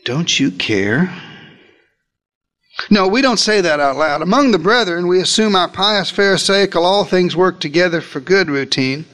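A man with a high-pitched voice delivers a sermon as a vivid first-person retelling. He is theatrical, and his pitch and pace swing widely. Dry humorous asides break up the drama. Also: normal speed, hardly any pauses, fairly bright tone. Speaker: preacher.

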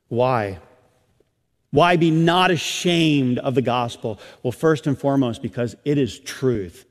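Middle-aged pastor guy preaching, gets loud and high then goes soft, echoey church hall. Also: lively intonation, a little slow. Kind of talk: sermon. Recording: long reverb of a hall.

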